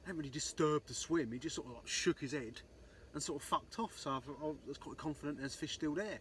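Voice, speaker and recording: A man's voice: on the high side, brisk, fairly bright tone, slight background noise. A man telling a rambling fishing story, swearing constantly and saying "um, so anyway" a lot. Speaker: angler vlogger. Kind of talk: casual storytelling.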